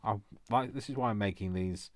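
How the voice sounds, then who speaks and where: A man's voice: fairly low pitch, brisk, dry recording. A man chatting casually and rambling with self-mocking asides while he makes a craft journal. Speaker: craft vlogger.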